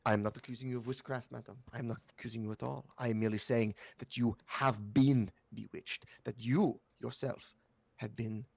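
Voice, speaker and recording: An awkward, bookish scholar of magic, played by a man, fussing through formal, stilted sentences. His voice has a gravelly edge and sounds close and dry in this tabletop role-play. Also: mid-range voice, steady tone, fairly quick, darkish tone, no echo. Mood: fussy. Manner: formal, fussy, stilted phrasing.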